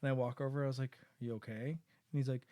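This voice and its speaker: Male co-host, relaxed dad, casual anecdote, dry close sound. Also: medium pitch, rapid-fire, clean tone, no echo. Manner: relaxed storyteller, laughs often. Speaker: father. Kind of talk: casual chat.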